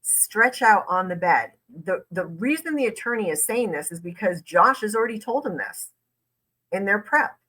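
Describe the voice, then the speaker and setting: A woman's voice: mid-range voice, lively intonation, moderate pace, pushed and bright, poor audio. A woman lawyer hosting a reaction video, breaking down an interview point by point. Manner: analytical, emphatic. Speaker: lawyer, host.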